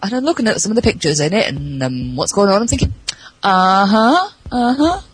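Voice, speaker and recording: A woman's voice: on the low side, very animated, very fast, husky, dry recording, poor audio. A middle-aged woman calling in over Skype, chatting and joking about herself. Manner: chatty, self-mocking, giggly. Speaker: caller. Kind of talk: casual phone-in chat. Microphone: Skype call.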